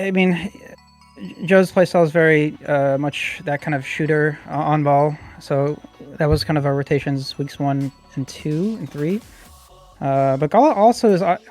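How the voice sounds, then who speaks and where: A man's voice: a little high, a little mellow. A man on a podcast talking about his team, with lots of fillers and restarts. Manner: hesitant, many fillers and restarts. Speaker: competitive player guest. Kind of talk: casual podcast chat.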